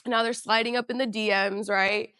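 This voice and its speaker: Bright, chatty young woman ranting. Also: on the high side, normal speed, clean tone, dry recording, studio quality. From Northern California. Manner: chatty and animated, slangy, peppered with "you know" and "you feel me". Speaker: podcast host. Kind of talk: casual storytime rant.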